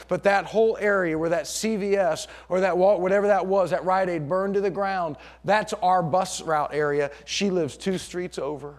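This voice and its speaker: A middle-aged man preaching a sermon as pastor, swinging between loud emphatic passages and hushed storytelling. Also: a little high.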